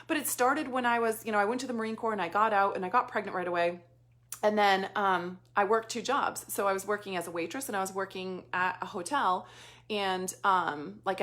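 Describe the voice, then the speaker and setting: A middle-aged woman coach, telling her own story in a casual, animated way with quick acted-out asides. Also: medium pitch. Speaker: business coach. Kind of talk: casual motivational talk.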